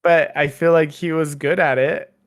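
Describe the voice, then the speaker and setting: A man's voice: a little high, steady tone, moderate pace. Chatty male podcast co-host. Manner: chatty, lots of fillers and restarts. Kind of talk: casual chat.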